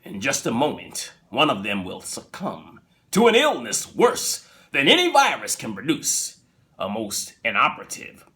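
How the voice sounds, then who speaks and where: A man imitating a grave, measured male TV anthology narrator with slow, dramatic delivery. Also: mid-range voice, huge pitch swings, pushed and bright, full character voice. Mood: ominous.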